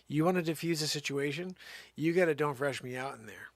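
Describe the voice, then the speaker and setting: A man doing a rambling stand-up comedy monologue, switching between hushed asides and loud silly voices. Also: on the high side, fairly quick, no room sound, clean studio sound. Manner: goofy, jumps between whispers and loud silly character voices; rambling and playful.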